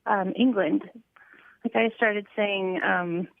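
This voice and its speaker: A woman's voice: medium pitch, fairly even intonation, takes it slowly, gravelly, no echo. A young woman from Los Angeles with a Californian accent, phoning in to a radio show and asking a question hesitantly, with many ums and likes. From Los Angeles, USA. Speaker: caller. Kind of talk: phone-in question. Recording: tinny phone line.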